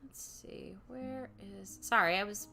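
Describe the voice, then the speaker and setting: A woman's voice: mid-range voice, slow, gravelly, bright, forceful tone. A young woman chatting casually on a livestream, rambling and self-deprecating, with casual swearing and frequent laughs. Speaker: streamer and voice actor.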